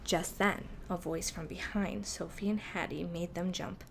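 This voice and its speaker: A woman reading a storybook aloud for toddlers in a gentle, soft-spoken way. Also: lowish voice, fairly even intonation, a little slow, gravelly, slight background noise.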